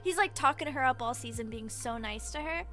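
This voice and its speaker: A woman streams in casual chat, her voice pitched high and ringing bright. She rambles excitably through her retelling and leans on "like" at every turn. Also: a little fast, soft background music.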